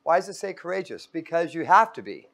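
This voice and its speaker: A man's voice: fairly high pitch, very animated, fast talker, a bit bright. A man giving an informal Bible teaching in a room with a whiteboard, casual and joking, often putting questions to his listeners.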